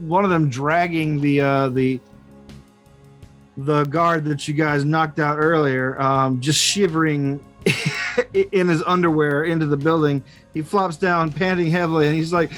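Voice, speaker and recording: A man's voice: on the high side, steady tone, a little slow, a bit bright, soft background music. A man narrating a tabletop game as game master, rambling with fillers and restarts.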